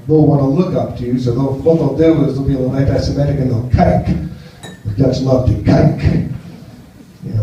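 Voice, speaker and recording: A man works through a stand-up set in a cafe, riffing in a loose, chatty way. His voice sounds dark and mellow, and it is caught from some distance. The room gives it a heavy echo, and the recording is slightly muffled. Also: medium pitch, slight background noise. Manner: chatty, riffing on Dutch words with frequent "you know". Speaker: stand-up comedian. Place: cafe stage before a live audience.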